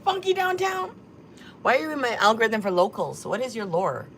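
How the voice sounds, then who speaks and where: With medium pitch, big pitch swings and a fast delivery, a Korean woman hosts a casual livestream, reading out chat comments and ridiculing them with sassy, profane remarks. The audio has a little hiss or hum.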